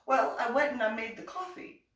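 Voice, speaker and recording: A woman's voice: fairly high pitch, normal speed. A woman casually recounting her military days, laughing often and acting out the people in her story. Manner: laughs often while telling, animated quoting of others. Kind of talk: casual spoken anecdote. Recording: roomy echo, mic at a distance.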